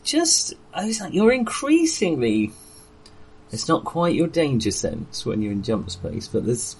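A lively-voiced man running a tabletop game. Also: fairly high pitch, unhurried, husky. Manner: chatty, laughs easily, lively storytelling. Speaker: game master. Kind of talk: narrating a tabletop game session.

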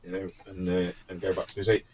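A man's voice: low-pitched, completely flat delivery, fast talker, lo-fi sound, noisy background. Cheeky joking man at a game table. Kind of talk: in-character role-play.

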